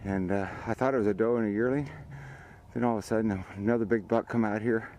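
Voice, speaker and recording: A man's voice: fairly low pitch, steady tone, quick pace, warm tone, a little hiss or hum, rough recording. An older man, hosting a hunting show outdoors by a field and rambling folksily about the hunt and his sponsors. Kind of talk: casual outdoor commentary.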